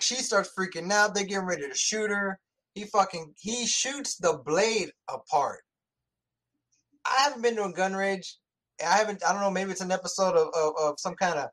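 A man casually and profanely retelling a movie plot in animated chat. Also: high-pitched, moderate pace.

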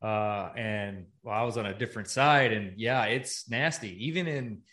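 A man co-hosting a casual interview show, speaking in a relaxed, halting way with emphatic points. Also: fairly low pitch, echoey room. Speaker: podcast co-host and editor.

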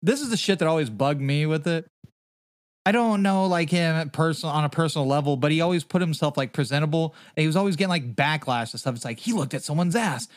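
A man's voice: a little high, quick pace, dry recording, clean studio sound. A man hosting a podcast in casual chat, rambling and swearing freely. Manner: rambling, heavy swearing, fillers. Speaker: podcast host.

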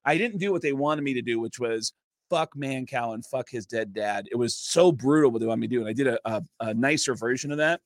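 A man guesting in a studio, telling a long story in an animated, casual way and swearing freely. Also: mid-range voice, a little fast, no echo. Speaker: comedian and impressionist guest.

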